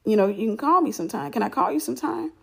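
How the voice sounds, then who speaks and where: Woman quoting a young man, soft, coaxing, playful, husky. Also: on the high side, big pitch swings, racing, heavily acted. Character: smooth-talking young man on phone, playful.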